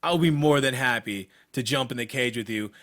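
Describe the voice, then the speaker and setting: A man's voice: mid-range voice, a little fast, a bit bright. A young man co-hosting a casual podcast, talking about his fighting career in a blunt, profane, worked-up way. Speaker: podcast co-host, MMA fighter.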